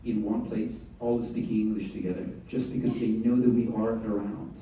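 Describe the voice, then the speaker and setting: A man's voice: fairly low pitch, steady tone, moderate pace, mellow, slight background noise. A man hosting a fireside chat, joking and chatty, often restarting his sentences. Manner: chatty, jokes, many restarts. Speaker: host. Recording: echoey hall, mic at a distance.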